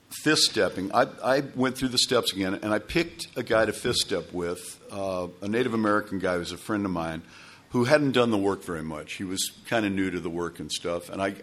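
A man's voice: low-pitched, moderate pace, fairly bright tone. A man telling a long personal story to a recovery group, rambling with restarts and asides. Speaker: speaker sharing at a recovery meeting.

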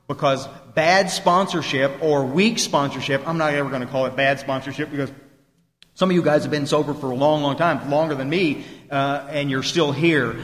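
Folksy male meeting speaker, emphatic, high-pitched, recorded live in a reverberant hall. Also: fairly bright tone. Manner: folksy, emphatic, quotes people in voices. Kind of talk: recovery talk to a meeting. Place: meeting room.

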